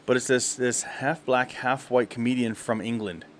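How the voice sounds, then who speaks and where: A man's voice: medium pitch, steady tone, normal speed, a little hiss or hum. Rambling male podcast co-host. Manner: rambling storyteller, laughs often. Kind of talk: casual chat.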